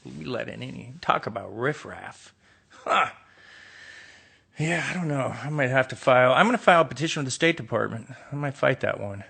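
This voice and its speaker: A middle-aged American man chats alone on a phone live stream from an indoor room with a window. His medium-pitched voice is gravelly, husky, and a bit bright, with lively intonation at a moderate pace. He reads fan questions aloud and riffs on them with dry, sarcastic jokes.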